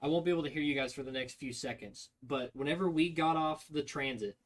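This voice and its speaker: A man telling army training stories to his stream in a casual, profane, animated way. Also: on the high side, quick pace.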